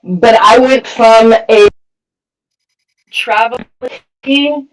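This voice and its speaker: A man gives frank testimony at a recovery meeting, telling his story with heavy swearing and filler words while sitting a bit far from the mic. His high voice is fairly even and slow, with frequent pauses.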